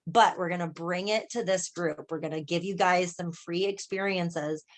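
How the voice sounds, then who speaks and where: Animated woman coach telling stories. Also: fairly low pitch, normal speed. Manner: animated storyteller, often asks "right?" and acts out quoted voices. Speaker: coach and healer. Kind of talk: casual group coaching chat on a video call.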